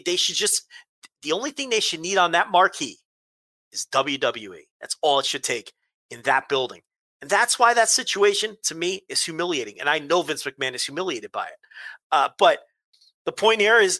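A man venting with heat and plenty of swearing as he co-hosts a casual podcast. His voice is bright and sharp, and the sound is dry and close, with no room around it. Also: on the high side, dry recording. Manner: heated, profane ranting. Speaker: podcast co-host. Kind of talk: casual chat.

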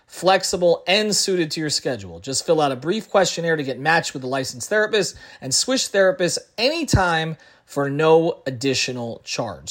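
A man's voice: fairly high pitch, a bit bright. A man reading a sponsor message on a podcast in an earnest, personal tone. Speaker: podcast host. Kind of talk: read sponsor ad.

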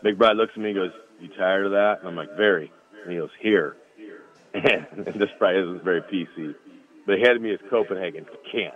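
A man's voice: low-pitched, fast talker. A former college football lineman telling rambling stories over the phone, laughing as he goes. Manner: rambling, laughs through anecdotes. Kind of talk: casual storytelling. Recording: tinny phone line.

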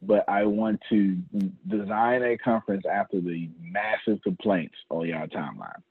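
A man with a lowish, husky voice leads a casual business meeting, laughing and repeating himself as he hands out tasks. The sound is dry and thin, like a phone or conference line. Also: normal speed, no echo, narrow, tinny audio. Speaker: host leading a team meeting.

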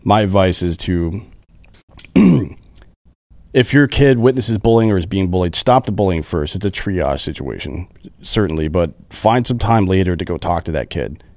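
A man's voice: low-pitched, expressive, moderate pace, darkish tone, dry recording. A man on a podcast earnestly explaining his views on how to help kids. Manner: earnest, explanatory, makes a case. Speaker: guest. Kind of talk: casual podcast chat.

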